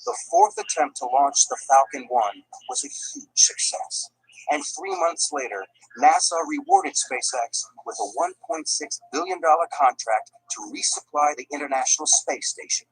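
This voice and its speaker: A man narrating a documentary in a measured, dramatic storytelling manner. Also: a little high, sing-song, gravelly, breathy edge, no room sound, low-quality recording. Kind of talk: scripted narration.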